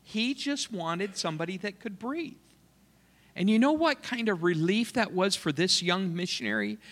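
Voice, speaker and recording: A man preaching as a missionary, telling a story in an animated, self-mocking way in a church. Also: high-pitched, normal speed. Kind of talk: sermon storytelling. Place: church sanctuary. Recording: long church hall reverb.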